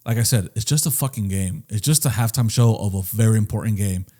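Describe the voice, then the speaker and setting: A man's voice: on the low side, fairly quick, mellow. A man co-hosting a podcast in casual chat, laid-back and profane, calling people bro. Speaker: podcast co-host.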